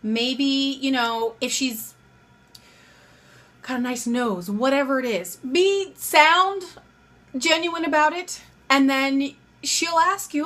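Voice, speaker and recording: A woman's voice: sits high, slow pace, fairly bright tone. A young woman vlogging casual dating advice, chatty and acting out both sides of the conversations she describes. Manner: chatty, acts out both sides of pickup lines.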